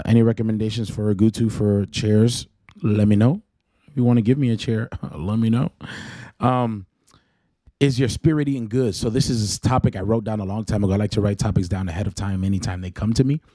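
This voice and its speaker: A man's voice: on the low side, mellow, dry recording. A man with a Southern US accent, hosting a casual faith podcast, joking and rambling as he corrects himself. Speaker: podcast host.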